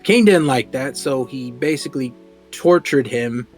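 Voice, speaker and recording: A man co-hosting a casual podcast chat, animated and quick to laugh, often repeating words when he gets excited. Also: mid-range voice, gravelly, soft background music. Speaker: podcast co-host.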